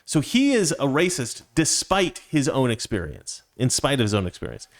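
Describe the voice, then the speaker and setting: A man's voice: medium pitch, wildly swooping pitch, moderate pace. A man hosting his own show, delivering a rambling opinion monologue full of restarts and digressions. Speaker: show host.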